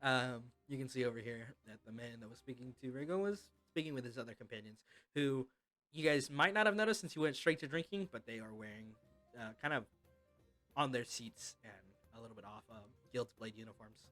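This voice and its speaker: Man, game master, tabletop game narration, tense bright voice, halting casual delivery. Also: medium pitch, animated, soft background music.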